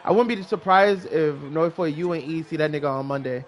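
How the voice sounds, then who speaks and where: A man co-hosting a casual wrestling podcast, easygoing and quick to laugh. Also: on the high side. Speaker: podcast co-host.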